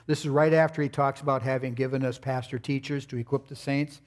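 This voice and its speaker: A man's voice: mid-range voice, little pitch movement, brisk. An older man preaching a sermon, telling folksy family stories with playful asides. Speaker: pastor.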